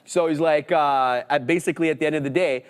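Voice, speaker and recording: A man's voice: fairly high pitch, fast, clean tone. Slangy man co-hosting a trading stream. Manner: slangy, says bro. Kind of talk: live market commentary.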